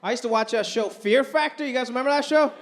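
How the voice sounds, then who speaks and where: Animated high-voiced man doing stand-up. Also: fast talker. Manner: animated, acts out quoted voices. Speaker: stand-up comedian. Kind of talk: stand-up comedy routine. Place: comedy club stage. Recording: live club recording with crowd noise. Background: audience laughter.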